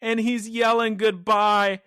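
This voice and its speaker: A man with a high, bright voice recaps a cartoon episode for his co-hosts, building it up with animated storytelling. The sound is close and dry, with no room around it. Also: slow pace, clear, resonant tone, dry recording. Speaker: podcast host recapping an episode. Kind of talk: casual chat.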